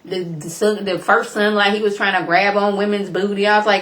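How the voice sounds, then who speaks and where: A woman vlogger casually recapping TV episodes, colloquial and incredulous, her voice jumping high when exclaiming. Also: animated, fairly quick, few pauses. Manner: colloquial, chatty, talks straight to viewers.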